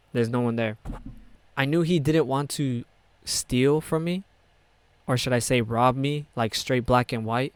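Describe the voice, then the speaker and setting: A man's voice: mid-range voice, smooth, dry recording. A young man casually telling a story, rambling and swearing as he goes. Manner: rambling, profane, full of "like" and restarts.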